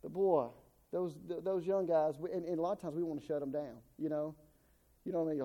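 A man delivers a sermon in a homespun style, doubling back on his words and voicing the people in his stories. His voice sits high for a man, yet its tone is mellow and dark. He sounds middle-aged. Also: fairly even intonation, a little fast, lo-fi sound. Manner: folksy, repeats words and restarts, acts out quotes. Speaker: preacher.

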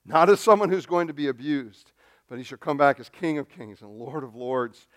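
A man's voice: mid-range voice, expressive, normal speed. A man preaching a sermon as pastor, emphatic, often repeating words as he stresses a point.

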